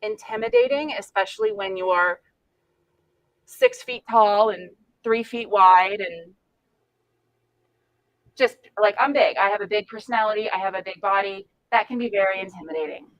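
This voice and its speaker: A woman leading an informal volunteer training session, talking frankly with lively asides. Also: mid-range voice, normal speed, rough recording. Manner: frank, animated, chatty with asides and laughs.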